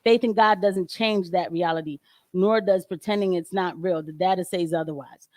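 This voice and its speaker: A woman's voice: fairly low pitch, fairly even intonation, normal speed, darkish tone, no echo. A woman doing casual, emphatic livestream commentary on a home microphone, talking animatedly and laughing often. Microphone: home microphone with audio trouble.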